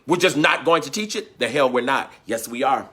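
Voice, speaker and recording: A man's voice: medium pitch, lively intonation, a little fast, noisy background. A man hosting a livestream as a teacher, talking in a fervent, preaching style, repeating his phrases and calling out viewers by name.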